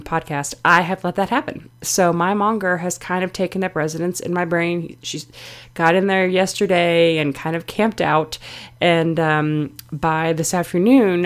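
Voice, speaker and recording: A middle-aged woman hosting her own podcast, talking alone in a candid, confessional way with plenty of fillers. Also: lowish voice. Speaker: podcast host. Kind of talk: reflective solo podcast talk.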